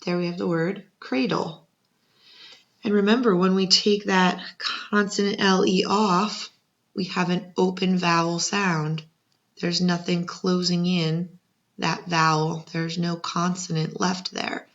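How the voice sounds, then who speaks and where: A woman teaches young children to spell, breaking words into syllables with patient encouragement. She talks slowly in a lowish, gravelly voice. The recording sounds dull and lo-fi. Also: fairly even intonation, a bit bright. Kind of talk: second-grade spelling lesson. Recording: muffled lo-fi recording.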